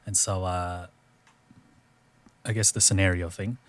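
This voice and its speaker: A man hosting a podcast in casual chat, recapping with a relaxed, filler-heavy storytelling manner. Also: deep voice, a little slow. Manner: laid-back storytelling with lots of fillers. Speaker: podcast host.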